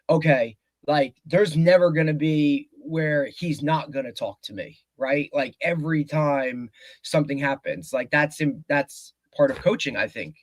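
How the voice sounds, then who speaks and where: Male coach co-hosting a podcast, eager run-on talker, slightly high, dry recording. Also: fairly bright tone, dry recording. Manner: eager, talks in long run-on stretches. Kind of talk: casual podcast conversation.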